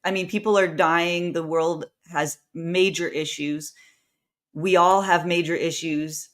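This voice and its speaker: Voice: mid-range voice, fairly even intonation, unhurried, fairly bright tone. A co-host on a casual political chat show, speaking with exasperation and asking pointed questions.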